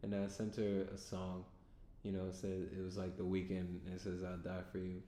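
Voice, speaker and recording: Speaking at a normal speed in a mellow monotone, a man records a vlog on his camera mic. He tells a loose, rambling story full of fillers in a laid-back way, and the echoey room carries a faint rumble underneath.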